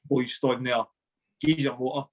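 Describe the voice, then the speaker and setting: A man's voice: mid-range voice, steady tone, normal speed. A man with a Scottish accent, a former footballer, casually telling stories as a podcast guest. He swears freely and laughs his way through the tale. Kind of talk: casual storytelling chat.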